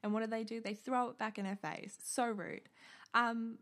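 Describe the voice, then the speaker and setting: A woman's voice: on the high side, fairly even intonation, normal speed, a bit bright. A woman co-hosting a podcast in casual chat, swearing freely and retelling scenes with quoted voices. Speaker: podcast co-host.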